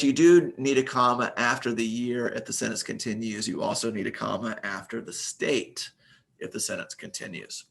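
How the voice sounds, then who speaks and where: A man's voice: mid-range voice, creaky, fairly bright tone. A man teaching a recorded grammar lesson, reading example sentences aloud and explaining them methodically, with the occasional filler.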